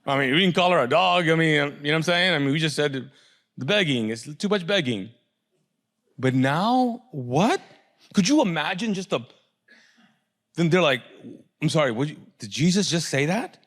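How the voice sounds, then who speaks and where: A middle-aged man preaching a sermon with a high voice that swoops up and down all the time. He puts on the voices of the people in the story and keeps asking his listeners to answer. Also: moderate pace. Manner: animated, acts out quoted voices, asks the congregation questions. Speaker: pastor.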